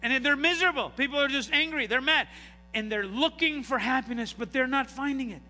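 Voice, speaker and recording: A middle-aged pastor preaches with a very high, piercing and sharp voice. He talks in animated bursts and asks the congregation question after question. His words carry a long hall reverb over a faint hiss. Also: brisk. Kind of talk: sermon. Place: church sanctuary.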